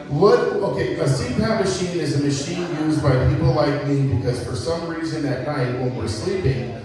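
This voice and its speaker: A middle-aged man doing a stand-up set, telling profane stories about his son and chatting with the crowd. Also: fairly high pitch. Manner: profane storytelling, crowd work. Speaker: stand-up comedian. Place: comedy club stage. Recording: echoey hall from far off with crowd.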